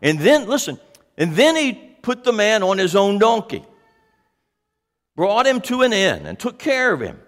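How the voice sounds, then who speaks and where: A man's voice: high voice, huge pitch swings, unhurried, fairly bright tone, in a large hall. A man preaching a sermon as pastor, speaking animatedly and putting questions to his congregation.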